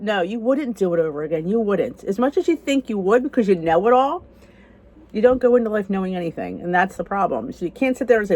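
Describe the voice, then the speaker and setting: A woman's voice: animated, quick pace, a little mellow. A woman in her fifties from the United States, talking candidly to the camera in a casual vlog about weight loss. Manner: candid, conversational, pitch rising on emphasis.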